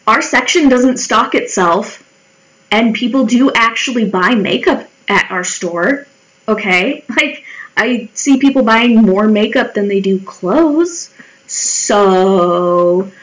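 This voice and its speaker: Young woman, vlog chat while drawing, blunt and sweary, slightly high voice. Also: fairly bright tone, rough recording. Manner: candid, swears freely, mimics others' voices. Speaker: vlogger.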